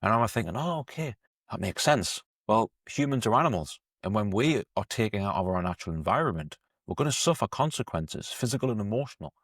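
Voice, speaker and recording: A man's voice: on the low side, expressive, quick pace, hardly any pauses, no echo, studio quality. A man, an eating coach telling a story in a chatty, conversational podcast monologue. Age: 30s.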